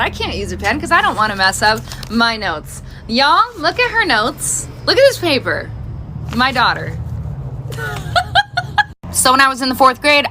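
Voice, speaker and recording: A woman in her thirties telling casual funny stories about her daughter and acting out the quotes. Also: a little hiss or hum. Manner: animated, acts out quotes with big pitch jumps. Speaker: storyteller mother. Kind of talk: casual storytime.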